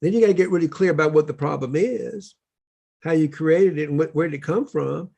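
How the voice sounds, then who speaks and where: A man's voice: on the high side, fairly quick, gravelly, a little mellow. A man speaking as a spiritual teacher, telling his story in an earnest, preachy way during a casual workshop conversation.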